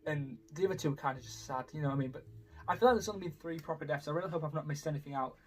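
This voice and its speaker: A man's voice: on the high side, very fast, a little mellow. A young man, rambling casually as a YouTuber through a ranking, full of "you know" fillers. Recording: voice a bit far from the mic.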